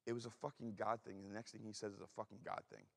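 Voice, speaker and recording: Fast-talking profane East Coast man. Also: lowish voice, level tone, vocal fry, fairly bright tone. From Philadelphia. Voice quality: blunt, heavily profane, rapid street talk. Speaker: guest speaker. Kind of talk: storytelling talk. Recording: reverberant hall.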